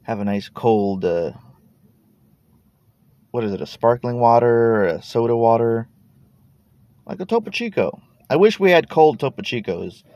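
The speaker is a podcast host in his thirties from Texas, rambling and cursing in a laid-back manner from his parked car, trailing off and repeating himself. His medium-pitched voice is animated yet a little slow and mellow, with frequent pauses, no echo, and a muffled recording.

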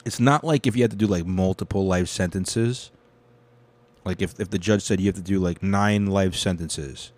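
A man's voice: deep voice, moderate pace, darkish tone. A young man hosting a casual news commentary, rambling and swearing freely. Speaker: show host.

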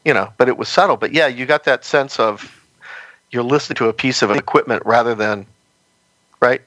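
A man's voice: mid-range voice, a little fast, fairly bright tone, dry recording, poor audio. Rambling man, dry close sound. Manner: rambling, heavy on "you know" fillers. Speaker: podcast guest. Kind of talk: casual interview chat.

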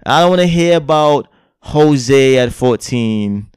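A man's voice: medium pitch, lively intonation, slow pace, a little mellow, clean tone, no echo, clean studio sound. A young man co-hosting a podcast in casual chat, speaking in a blunt, profane way. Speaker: podcast co-host.

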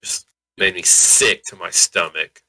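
A man co-hosting a casual podcast about a movie, excitable and quick to laugh, now and then slipping into mock voices. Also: low voice, poor audio. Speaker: podcast co-host. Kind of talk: casual movie review chat.

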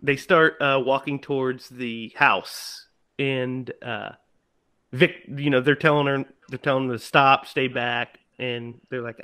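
A man co-hosting a podcast, casually retelling a horror film in an animated way and acting out the characters' lines. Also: mid-range voice, measured pace, clear, resonant tone. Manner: animated, acts out characters' lines in put-on voices. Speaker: podcast co-host.

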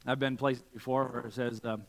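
A man's voice: mid-range voice, level tone, a little fast. A man preaching a sermon as pastor, earnest and asking many rhetorical questions. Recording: long reverb from a church hall.

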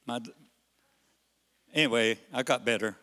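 An older man, a pastor, telling folksy stories in a sermon, halting on fillers, then bursting out loud to the congregation. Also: medium pitch, noisy background. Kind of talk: storytelling sermon. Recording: long hall reverb.

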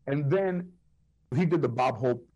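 A comedian with a husky, breathy edge and a Chicano English accent spins animated stories, acting out the people in them. He stumbles and restarts as he builds each scene, his voice sitting in an ordinary middle range. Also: medium pitch, measured pace. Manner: animated anecdotes with quoted voices, frequent restarts. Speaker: guest comedian. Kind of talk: storytelling interview.

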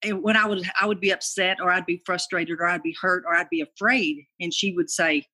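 A woman's voice: lowish voice, fairly even intonation, fairly quick, few pauses, sharp tone, breathy edge. An older woman, giving a folksy, chatty devotional talk. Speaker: ministry board member.

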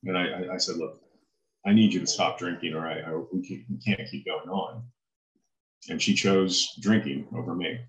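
A man with a very low voice tells his personal faith story as an interview guest. He speaks earnestly and haltingly, often pausing to find his words. The recording carries the echo of a roomy space. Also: steady tone.

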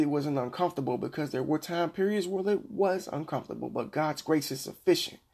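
A middle-aged man hosting a Christian devotional podcast, preaching earnestly and slowing down to read scripture. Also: a little high, vocal fry, darkish tone, breathy edge. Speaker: podcast host.

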